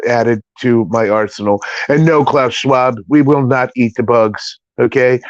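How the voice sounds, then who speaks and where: A man's voice: medium pitch, no room sound, natural voice. A man doing a boastful president impression. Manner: bragging, repetitive declarations. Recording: dry, muffled lo-fi audio.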